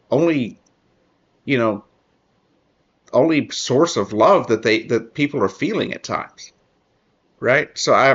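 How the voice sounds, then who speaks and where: A man's voice: medium pitch, fairly bright tone. Guy reading an article and chiming in, earnest, stops and restarts a lot, kinda muffled lo-fi sound. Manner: earnest, halting, many restarts and fillers. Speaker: political commentary host. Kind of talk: casual commentary reading an article.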